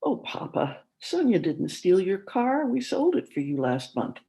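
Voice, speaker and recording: A patient adult daughter who speaks gently, coaxing with a soft sing-song, as a woman reads her lines aloud. Her voice sits in a middling register, calm and steady. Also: medium pitch, measured pace, vocal fry, poor audio. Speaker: story character read aloud. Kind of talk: reading fiction aloud at a conference.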